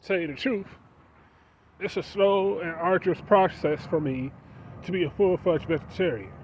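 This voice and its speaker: A man's voice: high voice, moderate pace. A man talking casually to his viewers in a preachy monologue, firing off rhetorical questions. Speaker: vlogger. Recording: dull lo-fi sound with faint street noise.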